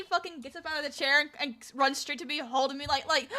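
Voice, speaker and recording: A woman with a high, bright voice chats casually on a stream while she plays. She tells a rambling story full of fillers and restarts. She voices the people she quotes along the way. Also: fast. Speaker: VTuber streamer.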